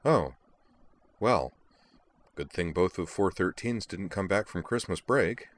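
A man voicing an impulsive young woman student in a storybook reading, urgent and excitable. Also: slow, full character voice. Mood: flustered. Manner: urgent, excitable, voice jumping higher.

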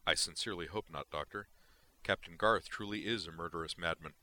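A man voicing a calm, precise male alien science officer who speaks in a measured, formal, unemotional way. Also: sits low.

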